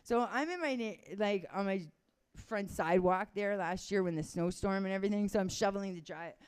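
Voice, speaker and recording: A woman's voice: mid-range voice, a little fast, clean tone. A young Canadian woman doing a casual, rambling stand-up set, chuckling at her own stories. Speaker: stand-up comedian.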